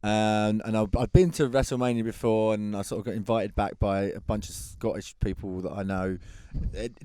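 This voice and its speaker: An English man co-hosting a podcast, telling a long anecdote in a lively, laughing way. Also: on the low side, moderate pace, smooth, no room sound, clean studio sound. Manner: animated storyteller, laughs through his tale. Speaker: podcast co-host. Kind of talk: casual chat, anecdote telling.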